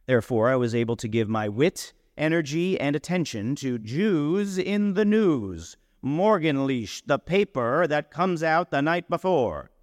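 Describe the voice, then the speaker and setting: A man reads literary fiction aloud in the first person, wry and dry in tone. His pitch moves a lot, rising and dropping freely through the phrases. The voice is close and dry, with a long reverb tail trailing behind it. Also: animated, unhurried, hardly any pauses. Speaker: narrator. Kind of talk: audiobook reading of literary fiction.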